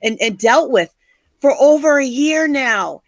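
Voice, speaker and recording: A woman's voice: high-pitched, lively intonation, a little slow, no room sound. An older American woman co-hosting a podcast, talking in a blunt, angry, emphatic way. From United States. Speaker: podcast co-host. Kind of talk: passionate opinion chat.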